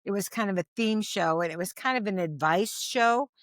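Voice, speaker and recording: A woman's voice: medium pitch, normal speed, no echo, clean studio sound. An older woman, a comedian, telling stage stories in a conversational, self-deprecating way. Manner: animated, laughing, self-deprecating anecdotes. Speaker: comedian guest. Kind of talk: conversational storytelling.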